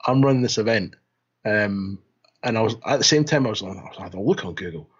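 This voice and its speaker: A man's voice: fairly low pitch, animated, fast, breathy edge, dull audio. A man co-hosting a gaming podcast in casual chat, rambling, laughing and restarting his words. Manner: rambling, laughing, repeats words when starting. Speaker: podcast host.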